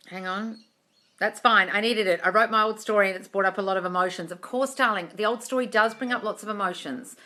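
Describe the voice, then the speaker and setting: Her medium-pitched voice is bright and forceful as she answers live questions as a manifesting coach. Streaming casually from her phone, she's chatty and reassuring, calls viewers darling, and swears occasionally.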